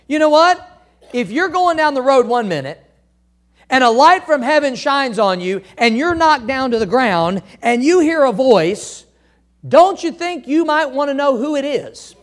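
A man pastor preaching a sermon in an emphatic, folksy way, with joking asides. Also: very high-pitched.

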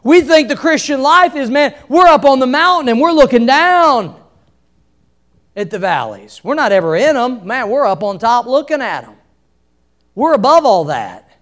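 A man. He preaches in a folksy, storytelling manner, rising to loud emphatic passages and then dropping to quiet ones. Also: very high-pitched, very animated, moderate pace. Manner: folksy storytelling preacher with wide swings in loudness. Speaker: pastor. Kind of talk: sermon.

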